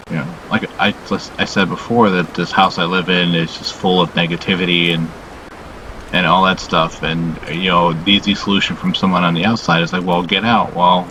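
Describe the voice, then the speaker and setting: A low-pitched man hosts a casual confessional vlog on his channel, sounding weary and subdued. He speaks haltingly, saying "you know" a lot and swearing frequently, over a noisy background.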